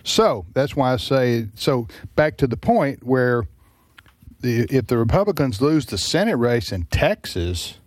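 A man's voice: mid-range voice, very animated, dry recording. Guy hosting talk radio, keeps restarting sentences, dry close sound. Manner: halting, many restarts and fillers. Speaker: radio talk show host. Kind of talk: casual political chat.

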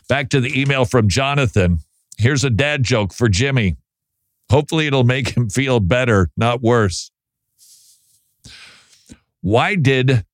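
Man, talk show host, wry and chatty, mid-pitched voice, dry studio sound. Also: no echo. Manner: chatty, wry, reads listener emails aloud. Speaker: Christian radio host. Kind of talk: casual talk show commentary.

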